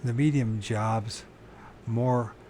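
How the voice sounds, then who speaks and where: A man's voice: medium pitch, fairly even intonation, extremely slow, dark tone, slight background noise. A man reading a book aloud, stumbling over words and correcting himself, with casual muttered asides to his listeners. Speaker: channel host reading aloud.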